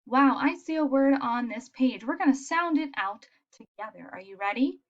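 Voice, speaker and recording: A woman teaching young children letter sounds in a patient, encouraging way, modelling each sound clearly. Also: high voice, animated, normal speed, dull audio. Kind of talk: phonics lesson for young children.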